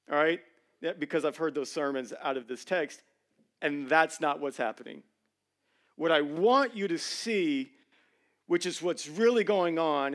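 High-voiced joking preacher man. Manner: conversational, joking preaching with emphatic swings in loudness. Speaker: pastor. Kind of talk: sermon. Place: church stage.

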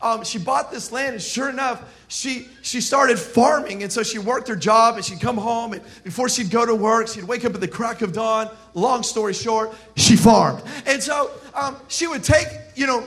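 A pastor from South Florida preaching a sermon, telling stories in an animated, joking way and shouting his punchlines. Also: very high voice, moderate pace, hardly any pauses.

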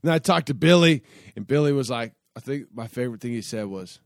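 A man's voice: medium pitch, lively intonation, a little fast, no room sound, clean studio sound. Rambling, cussing storyteller guy. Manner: rambling, profane, full of fillers and restarts. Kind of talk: casual spoken anecdote.

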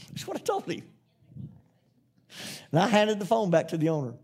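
A man's voice: high voice, expressive, normal speed, long pauses, slightly rough. A man preaching a sermon, rambling through a story with restarts before building into emphatic, repetitive preaching.

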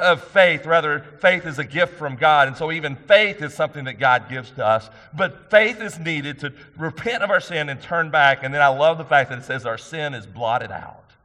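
A man's voice: fairly high pitch, normal speed, hardly any pauses, pushed and bright. Earnest preaching man in a reverberant hall. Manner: earnest, emphatic preaching with rhetorical questions. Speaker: pastor. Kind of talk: sermon.

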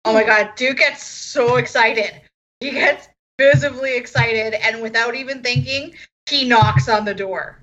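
A woman's voice: a little high, measured pace, a bit bright, lo-fi sound. A woman playing a tabletop game, joking and playful as she describes her character's moves. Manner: playful, jokey. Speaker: player. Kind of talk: casual tabletop game play.

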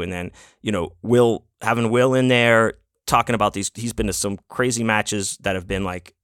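A man talks alone into his podcast mic in a low-pitched voice, recounting things in a loose, rambling way and swearing freely. The sound is dry and close, with no room echo. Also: a bit bright, smooth. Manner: rambling, profane, loose storytelling. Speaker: podcast host. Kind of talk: casual solo podcast recap.

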